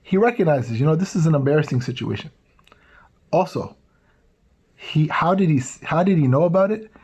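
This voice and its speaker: A man telling religious stories to tweens in a casual, animated way, checking in with the listeners often. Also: a little high, moderate pace, husky, muffled recording. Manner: casual, animated, tags lines with "right?"; acts out quoted voices. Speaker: youth speaker. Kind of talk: storytelling talk to tweens.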